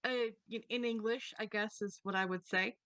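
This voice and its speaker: A woman's voice: mid-range voice, steady tone, normal speed, pushed and bright, dry recording, natural voice. A woman voicing a cheeky talking crow. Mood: friendly. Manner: casual, cocky greetings.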